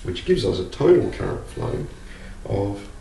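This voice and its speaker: An Australian man in a casual electronics tutorial, slowly working through sums aloud and then telling a joke. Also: fairly low pitch, sing-song, creaky, dark tone. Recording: roomy, distant, faint background hum.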